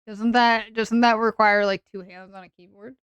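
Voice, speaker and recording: An English woman streaming a role-play session, talking in sarcastic, playful asides. Her voice sits a little high and sounds smooth and clear, recorded dry and close. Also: steady tone, normal speed, no room sound. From England.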